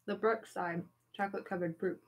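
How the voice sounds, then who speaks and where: A woman's voice: mid-range voice, steady tone, normal speed, noisy background. A woman chatting casually and cheerfully with her husband during a family live stream. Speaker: vlogger's wife.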